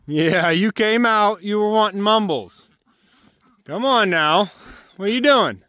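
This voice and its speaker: High-voiced man coaxing his farm animals. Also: animated, measured pace, pauses often, sharp tone, no room sound, studio quality. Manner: coaxing animals in a fond high sing-song. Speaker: homesteader vlogger. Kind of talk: casual vlog narration. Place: outdoors on a snowy farm.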